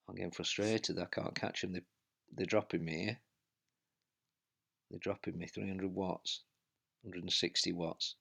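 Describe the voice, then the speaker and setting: A man's voice: deep voice, flat delivery, normal speed, vocal fry, long pauses, a bit bright. A man commentating on his own indoor bike race as he rides, out of breath and urging himself on. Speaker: cycling vlogger. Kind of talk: live race commentary while riding.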